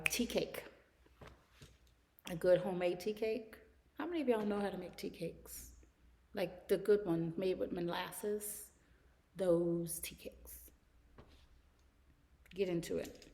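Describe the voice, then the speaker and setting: A woman hosting her own podcast, chatting casually in an easygoing, laugh-prone way and repeating phrases for emphasis. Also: on the low side. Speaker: podcast host. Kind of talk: casual solo podcast chat. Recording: long hall reverb.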